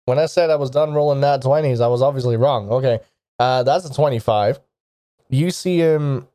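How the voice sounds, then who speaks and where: Mellow-voiced man running a tabletop game. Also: mid-range voice, no echo, clean studio sound. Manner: descriptive, casual, with many fillers. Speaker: game master.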